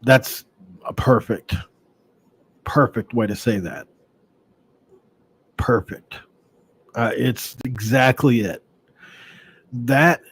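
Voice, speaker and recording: A man's voice: medium pitch, extremely slow, long pauses, slightly rough. Rambling, sighing sports podcast man. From Mingo County, West Virginia, USA. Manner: rambling and conversational, with sighs and restarts. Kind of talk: casual sports commentary.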